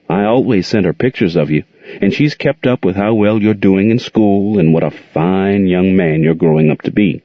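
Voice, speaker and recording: A patient older aunt who soothes her young nephew in a soft, gentle voice, as a man reads her part. The voice is low and husky. It comes through a dull, close-miked recording. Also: no room sound, full character voice. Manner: soft, soothing, calls him child.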